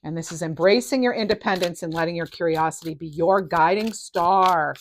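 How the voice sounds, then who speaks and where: A middle-aged woman giving a casual tarot reading, enthusiastic and animated, her voice rising and falling in loudness. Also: on the low side, brisk, slight background noise. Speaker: tarot reader.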